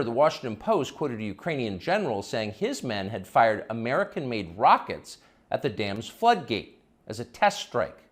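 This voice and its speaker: A middle-aged male commentator delivering a sarcastic, emphatic opinion monologue. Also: medium pitch.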